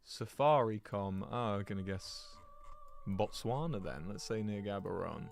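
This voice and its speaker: A man's voice: lowish voice, unhurried, vocal fry. A man giving rambling, chatty commentary to his viewers while he plays a geography game, laughing often. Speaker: streamer.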